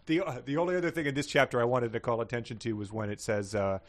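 Podcast co-host, man, mid-pitched, dry close sound, mocking and amused. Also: fairly even intonation, quick pace, dry recording. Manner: wry, chuckling, reads quotes aloud mockingly. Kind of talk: comedic book-reading podcast chat.

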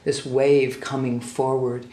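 A man's voice: mid-range voice, flat delivery, takes it slowly, mellow, roomy sound. A man hosting the conversation speaks sincerely and effusively in long, flowing phrases.

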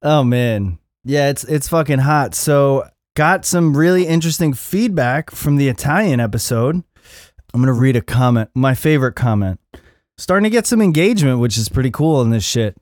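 Middle-aged male podcast host, loose and profane, self-deprecating, mid-pitched, dry close sound. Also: expressive, normal speed, darkish tone, no echo. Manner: profane, rambling and self-mocking. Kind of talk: casual solo podcast rant. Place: Los Angeles area.

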